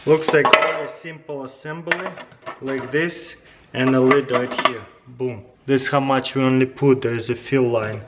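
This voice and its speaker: A man casually reviewing kitchen gadgets at home, talking to his dogs and getting loud and excited as he demonstrates. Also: normal speed, heavy background noise. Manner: excitable, gets very loud and high when thrilled. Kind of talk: casual product review vlog.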